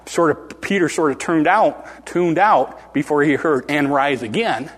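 A man's voice: on the high side, unhurried. A man preaching an informal Bible teaching to his congregation, talking conversationally with frequent restarts and repeated words. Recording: long reverb of a church hall.

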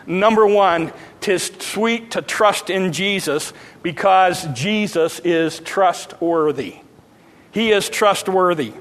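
A preacher with a high, light voice delivers a Sunday sermon. He slows right down on scripture and speeds up on the asides. The sound rings with the long reverb of a church sanctuary. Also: a bit bright. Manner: preaching with slow emphatic quotes and fast asides. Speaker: pastor.

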